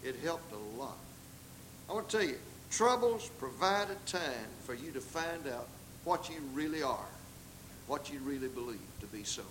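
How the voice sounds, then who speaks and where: A man's voice: expressive, normal speed, background noise. An older man with a Southern US accent preaching a sermon in a dramatic way, acting out the voices he quotes. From American South. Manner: dramatic, acts out quoted voices with big pitch leaps.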